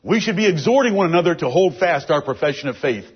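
A man's voice: a little high, expressive, fast talker, breathy edge. A man giving a verse-by-verse Bible teaching, reading out scripture verses and explaining them with emphasis. It is a dull, lo-fi recording.

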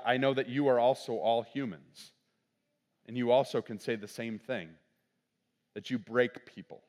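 A man's voice: mid-range voice, unhurried, long pauses. A middle-aged man preaching from the pulpit, telling a story that leads into his message. He speaks conversationally and keeps checking in with his listeners. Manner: conversational, frequent "right?" asides. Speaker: pastor. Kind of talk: sermon with personal story.

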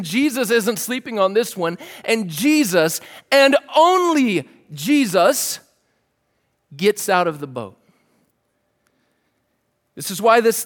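A man with a somewhat high voice delivers a sermon, retelling the scene in a relaxed, vivid storyteller's way. His voice rings out with a long reverb, as in a large church hall. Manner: casual, vivid storytelling with "like" and "dude". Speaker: pastor.

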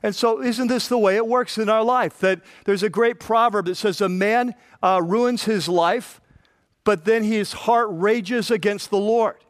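A man preaching a sermon, reading scripture and acting out the voices in it with lively emphasis. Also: high voice, a little slow, dry recording, studio quality. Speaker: pastor.

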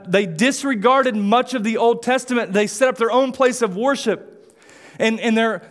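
A male pastor preaching a sermon in a conversational, storytelling way with casual asides. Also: sits high. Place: church.

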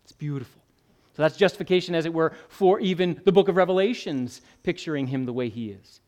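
A man preaches through a Bible passage from the pulpit, his voice sitting a little high for a man. He shifts between chatty asides and rising, emphatic lines. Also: darkish tone. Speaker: pastor. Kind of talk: sermon.

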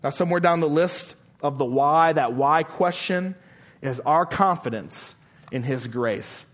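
A man preaches a sermon from the pulpit, his voice sitting a little high for a man. He hammers home his point with strings of rhetorical questions. Then he drops to a hushed, slow delivery to let a line land. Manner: emphatic, rhetorical repeated questions; drops to a quiet, slow voice for emphasis. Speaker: pastor.

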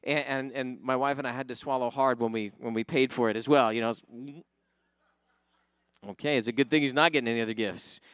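A man's voice: medium pitch, fairly even intonation, brisk, fairly bright tone, clear, resonant tone, dry recording. A man preaching a sermon who tells a family story, then builds to emphatic preaching. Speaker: pastor.

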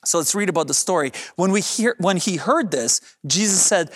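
A man's voice: high-pitched, expressive, moderate pace, few pauses. A man preaching a sermon as pastor, addressing the congregation directly and drawing out key phrases for emphasis.

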